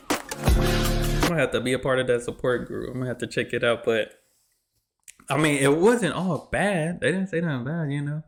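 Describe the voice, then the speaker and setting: A man talks through a reaction video in a laid-back, conversational way. His voice sits at an ordinary middle pitch. He sounds easygoing and informal, the way a host chats straight to his viewers. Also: normal speed, pauses often, over music. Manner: laid-back, chatty, says y'all. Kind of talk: casual reaction commentary.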